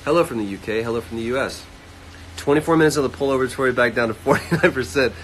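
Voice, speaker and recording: A man hosting a casual livestream, reading fan comments aloud and answering them quickly. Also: medium pitch, a bit bright, a little hiss or hum, poor audio. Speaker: livestream host answering chat. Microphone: phone livestream.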